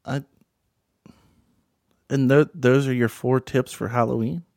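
A man hosting a comedy show, playing a patient straight man who calmly questions and corrects his guest. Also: mid-range voice, slow, gravelly, dry recording, clean studio sound. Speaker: host. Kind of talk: comedy podcast chat.

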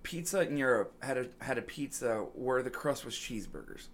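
A man's voice: medium pitch, lively intonation, fairly quick, a bit bright. A man co-hosting a casual podcast chat, rambling, laughing often and trailing off mid-sentence. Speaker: podcast co-host.

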